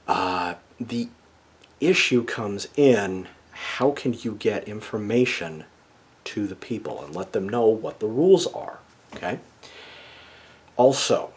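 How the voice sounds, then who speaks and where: A man's voice: lowish voice, a little mellow. A man giving a casual explanatory monologue as a video essayist, lecturing and checking in with the listener with a frequent "okay?". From United States.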